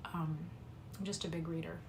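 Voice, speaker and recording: Quick-reading woman with a lowish voice. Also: flat delivery, gravelly, background noise. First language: English. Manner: quick reader, soft apologetic asides. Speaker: livestream reader. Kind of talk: reading a classic novel aloud, chatting with viewers.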